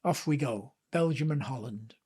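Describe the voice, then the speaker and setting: An older man with a Lancashire accent, talking as a guest on an interview podcast. He tells lively, chatty stories and pokes fun at himself along the way. His voice sits at an ordinary middle pitch for a man. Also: moderate pace, husky. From England. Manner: lively, chatty anecdotes with self-deprecating humour. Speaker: guest author. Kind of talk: anecdotal storytelling in a podcast interview.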